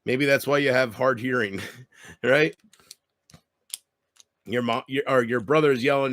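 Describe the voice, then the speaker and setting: A man's voice: medium pitch, unhurried, long pauses, fairly bright tone, no room sound, clean studio sound. A man chatting casually on his own livestream at home, rambling and self-deprecating as he talks straight to his viewers. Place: home room. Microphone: computer mic with headphones.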